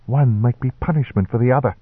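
A man voicing a stiff, reproving male reverend who talks in a sharp, sermonizing way. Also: mid-range voice, expressive, moderate pace, husky, no echo, voice pushed up. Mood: stern. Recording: dry, tinny narrow-band recording.

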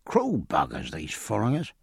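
A man's voice: lowish voice, wildly swooping pitch, moderate pace, dry recording, studio quality, full character voice. A man voicing a cheerful, superstitious English sailor who talks coarse and salty. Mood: indignant. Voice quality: rough, salty, swearing.

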